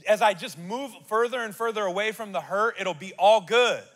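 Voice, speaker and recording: A male pastor preaching a sermon, reading scripture aloud and building to loud declarations. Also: high voice, normal speed. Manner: reads scripture aloud and asks the crowd to repeat. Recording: long hall reverb.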